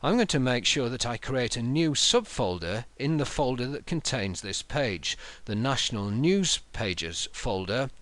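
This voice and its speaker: A man talks a listener through a software tutorial step by step. His pitch moves a lot as he explains. The recording is dry and close, with no room sound. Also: dry recording. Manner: measured, explanatory, steps through menus aloud.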